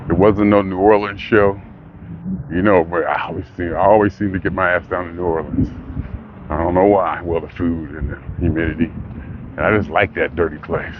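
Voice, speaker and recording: Older man, rambling vlog talker who works himself up; dull lo-fi outdoor audio with faint hiss. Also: sits low. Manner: rambling, talks himself into excitement. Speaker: vlogger. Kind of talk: casual monologue.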